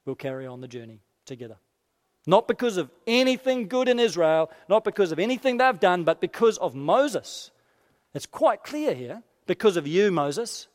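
A man preaching a sermon expressively, dropping quiet and low for quoted lines. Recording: long hall reverb.

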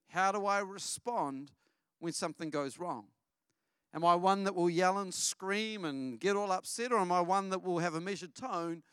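A man's voice: sits high, clean tone, dry recording, clean studio sound. A middle-aged man, preaching a sermon and telling family stories while asking the congregation questions. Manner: storytelling, lively with audience questions. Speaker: pastor. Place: church.

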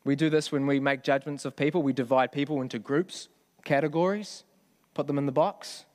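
A man's voice: medium pitch, fairly even intonation, fairly quick, a little mellow. A man preaching a sermon in a conversational way, often asking the congregation questions. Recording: long hall reverb.

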